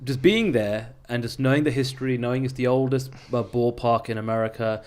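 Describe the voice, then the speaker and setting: A man's voice: mid-range voice, a little fast, a little mellow. English guy on a podcast panel, rambly, makes fun of himself. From England. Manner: self-deprecating, rambling. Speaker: panel guest. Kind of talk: casual panel chat.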